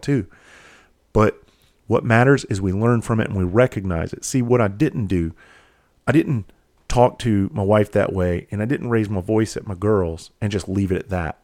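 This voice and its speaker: Middle-aged male podcast host, low voice, dry close sound, blunt and cursing, confessional. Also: a little mellow, dry recording. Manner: blunt, heavily profane, emphatic. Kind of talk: confessional monologue.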